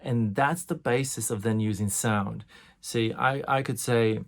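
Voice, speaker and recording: A middle-aged man teaching a course on sound healing in a relaxed, conversational way. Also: mid-range voice, a little slow. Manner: relaxed and conversational, demonstrates sighs and tones.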